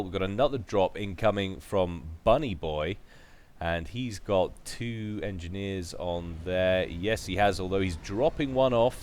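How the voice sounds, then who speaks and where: A man commentating a strategy match in a relaxed, chatty way. His voice sits a bit low, and he drops in joking asides between the calls. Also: a little hiss or hum. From United Kingdom. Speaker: game commentator. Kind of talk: casual play-by-play commentary.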